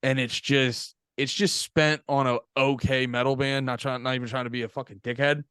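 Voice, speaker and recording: Male podcast co-host, sarcastic rambling talker, smooth tone, dry studio sound. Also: mid-range voice, level tone, normal speed, a bit bright, no echo. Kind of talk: casual chat.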